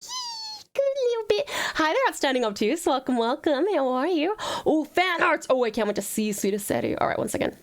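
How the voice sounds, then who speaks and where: A woman's voice: high voice, big pitch swings, a little fast, hardly any pauses. An Australian woman from Tasmania chatting on a live stream, bubbly and doting, greeting viewers and swearing freely. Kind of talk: casual live-stream chat.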